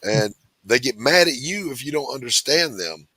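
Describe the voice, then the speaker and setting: A man from the Southeastern United States, co-hosting a casual chat, animated and quick to interject. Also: mid-range voice, breathy edge, no echo. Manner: animated, laughs loudly, interjects. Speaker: co-host.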